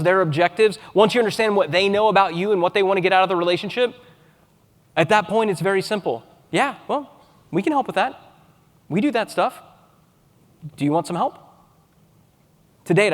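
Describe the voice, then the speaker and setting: A man giving a conference keynote, speaking in an animated way and acting out sample chat lines with a rising inflection. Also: high-pitched. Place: large conference hall. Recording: long hall reverb.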